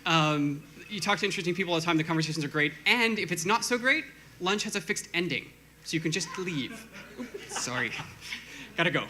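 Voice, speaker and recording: A man giving a short talk to an audience, casual and self-deprecating, speaking fast with many fillers and restarts. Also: high-pitched, sharp tone. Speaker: conference speaker.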